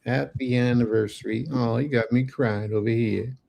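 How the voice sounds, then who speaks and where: Man blessing his viewers, gravelly. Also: medium pitch, normal speed. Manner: animated, folksy, frequent blessings. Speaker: host of religious livestream. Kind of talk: casual livestream chat.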